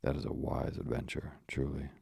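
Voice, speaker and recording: A man reading a storybook, voicing a huge, weary giant who roars his words from high above. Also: flat delivery, normal speed, creaky, warm tone, husky, no echo, clean studio sound, exaggerated voice. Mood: booming. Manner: roaring, laughing. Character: huge weary giant holding up the sky, booming.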